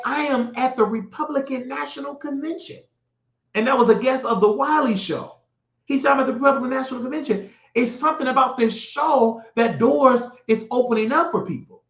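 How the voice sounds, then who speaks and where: A man from the United States hosting his own show, giving an impassioned, rambling political monologue. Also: high-pitched. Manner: heated, shouting at times, rambling with restarts. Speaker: show host. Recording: echoey room, dull lo-fi sound.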